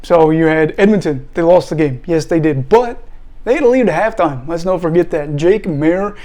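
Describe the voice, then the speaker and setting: Chatty man recapping football, mellow voice. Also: fairly high pitch, animated, normal speed. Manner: chatty, laughs and apologizes often. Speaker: sports channel host. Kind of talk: casual solo sports recap.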